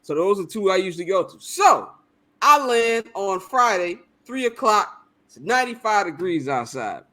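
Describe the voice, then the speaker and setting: A young man, casually telling a long, profane story on a podcast and acting out the other people in it. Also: sits high. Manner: animated, profane, acts out quoted exchanges. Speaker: podcast co-host.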